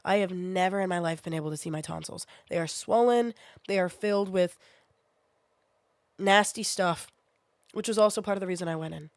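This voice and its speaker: A woman's voice: lowish voice, a little fast, long pauses, no room sound. Sick young woman streamer, dry close mic. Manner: swears freely, rambling and animated. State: sick with a sinus infection, congested and coughing. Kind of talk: casual storytelling to a live chat.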